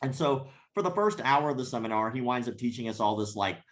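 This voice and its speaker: A man in the middle of a podcast story, talking casually and swearing freely. He laughs through his own anecdote and keeps it animated. His voice sits at an ordinary middle pitch. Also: quick pace. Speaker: podcast guest.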